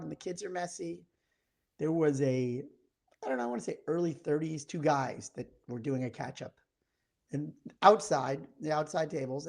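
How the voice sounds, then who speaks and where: A man in his thirties co-hosting a podcast in casual chat, telling a story in a lively way and acting out the lines of the people in it. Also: on the high side, vocal fry. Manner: animated storyteller acting out quoted exchanges. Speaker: podcast co-host.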